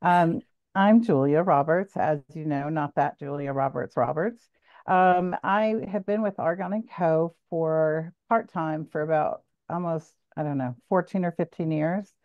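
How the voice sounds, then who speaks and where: A woman with a very low voice chats on a webinar panel, apologetic and full of fillers. Her voice comes through a tinny, phone-like video call line that sounds dry and close. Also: unhurried, no room sound. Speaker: panelist, trade show planner.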